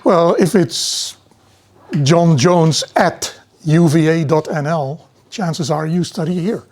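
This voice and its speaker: A middle-aged man giving a university lecture in a relaxed, digressive way, often restarting his sentences. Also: on the high side, slow.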